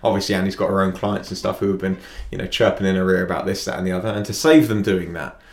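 A man with a gravelly, low-pitched voice hosts a podcast in a casual, rambling way. He restarts sentences and laughs easily. His voice rings in an echoey studio room. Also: steady tone, fast. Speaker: podcast host and personal trainer. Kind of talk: casual chat.

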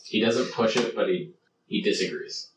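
Male game master, deep voice, echoey room, background noise. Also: moderate pace. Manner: explanatory, casual, many fillers. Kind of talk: narrating a tabletop game. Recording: roomy, distant, noisy room.

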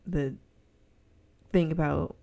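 A woman's voice: deep voice, fairly even intonation, takes it slowly, gravelly, warm tone. A woman with a Southern Californian accent, hosting a casual solo podcast at home and rambling giggly with lots of fillers; she says her voice sounds snobby. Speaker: podcast host. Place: indoors at home with a heater on.

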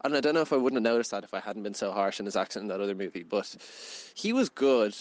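A fast-talking man with a fairly low voice and big pitch swings co-hosts a relaxed movie review podcast. He laughs a lot and rambles, leaning heavily on "like." The recording quality is poor.

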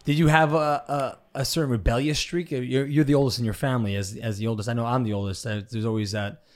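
A man hosting an interview, chatty and loose, with lots of fillers and quick agreements. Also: medium pitch, steady tone. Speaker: host, interviewer. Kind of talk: casual interview chat.

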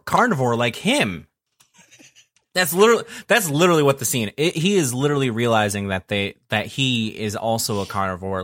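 Animated young man recapping an anime. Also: mid-range voice, no echo, studio quality. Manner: animated recap, profanity, laughing. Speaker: podcast host recapping an anime. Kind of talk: casual podcast chat.

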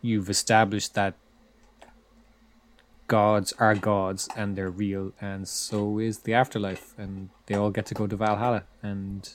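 A man with a fairly low voice chats about films as a co-host. He is blunt and often lets his sentences sink into quiet mutters. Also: flat delivery, a little slow, slight background noise. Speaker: podcast co-host. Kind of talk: casual chat about films.

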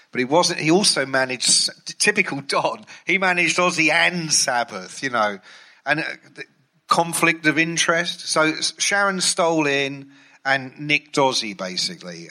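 A music journalist and ghostwriter tells rambling, amused anecdotes, full of fillers and restarts. His voice is on the high side with a sharp tone.

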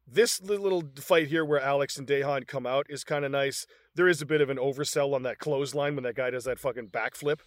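A man's voice: mid-range voice, quick pace, hardly any pauses, dry recording, clean studio sound. A man in his fifties in casual chat, laughing often and acting out movie lines as he talks. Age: 50s. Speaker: podcast co-host.

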